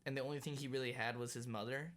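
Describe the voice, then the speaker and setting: Relaxed young man in casual podcast chat. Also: mid-range voice, very fast. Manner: relaxed, earnest, with filler words. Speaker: podcast co-host.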